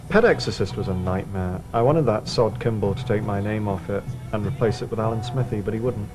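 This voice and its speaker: A man's voice: on the low side, brisk, low-quality recording. A man as a film director in a mockumentary interview, bitter and scornful, complaining. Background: music.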